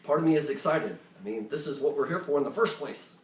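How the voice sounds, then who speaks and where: Male storyteller, conversational and animated, on stage. Recorded distant and echoey. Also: fairly high pitch, fast talker. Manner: conversational, animated, joking asides. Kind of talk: live personal storytelling to an audience. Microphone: phone or camera recording from the room. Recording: roomy, distant, faint ambience.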